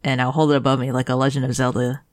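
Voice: medium pitch, level tone, rapid-fire, no room sound. A playful player in a casual tabletop game, explaining the rules and joking around. The voice is mid-range and recorded dry and close. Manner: playful, laughs often.

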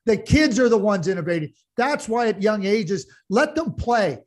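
Guy on a hockey pod, high voice, gets fired up and loud. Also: normal speed. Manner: animated, gets heated and loud, many restarts. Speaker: podcast co-host, hockey analyst. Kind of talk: casual sports chat.

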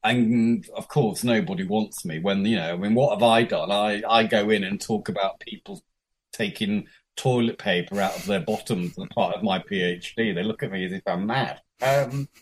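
A man, chatting as a podcast guest and telling a story with lively, freely swearing delivery and acted-out dialogue. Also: on the low side, normal speed, slightly rough. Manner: animated, swears freely, acts out quoted dialogue. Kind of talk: casual storytelling chat.

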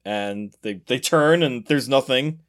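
Male podcast host, mid-pitched, chatty storyteller who laughs easily. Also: measured pace. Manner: laughs often, animated retelling with acted quotes. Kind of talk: casual storytelling chat.

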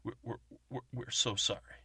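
A man's voice: mid-range voice, fairly even intonation, moderate pace, pushed and bright, husky, no echo, recorded from a distance, exaggerated voice. A man doing an apologetic polite agent. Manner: apologetic, coaxing.

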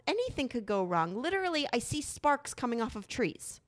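A woman's voice: a little high, brisk. A woman in her thirties in casual chat with her husband, telling a story with lots of swearing. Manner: animated storytelling, frequent swearing. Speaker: podcast co-host.

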